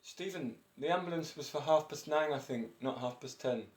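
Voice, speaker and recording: A man's voice: on the high side, normal speed. A breathless man in his fifties, chatting in a rambling, eccentric way and chuckling often as he talks to camera. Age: 50s. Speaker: vlogger. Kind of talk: casual personal monologue. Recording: roomy echo.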